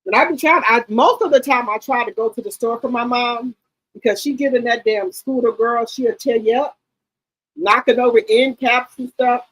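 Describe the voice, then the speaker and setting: Husky, animated middle-aged woman storyteller. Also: fairly high pitch, normal speed, poor audio. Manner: animated, slangy, repeats herself. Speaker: livestream host. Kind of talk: casual storytelling chat.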